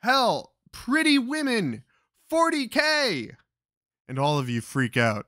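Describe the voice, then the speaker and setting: A young man rants in a bright, tense voice, dragging his words out slowly while swearing and scoffing. The sound is dry and close, with almost no room around it. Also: extremely high pitch, huge pitch swings, no echo. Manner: crude, exasperated, swearing constantly. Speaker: commentator reacting to clips. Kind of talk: profane ranting commentary.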